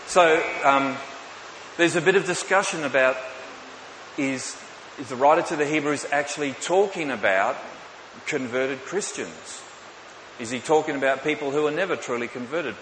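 Emphatic preacher in an echoey hall. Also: male voice, mid-range voice, normal speed, a bit bright. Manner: emphatic, asks the audience rhetorical questions; light joking asides. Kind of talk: sermon. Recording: echoey hall with faint hiss.

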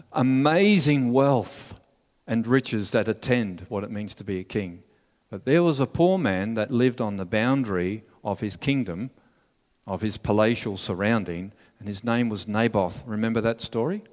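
A male pastor preaching a sermon in an earnest, measured, storytelling manner. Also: medium pitch. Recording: long hall reverb.

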